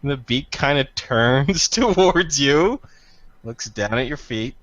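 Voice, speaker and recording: A man narrating as game master, rambling with frequent pauses and fillers. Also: medium pitch, expressive, a bit bright, no echo. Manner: rambling, halting with fillers, laughing at himself.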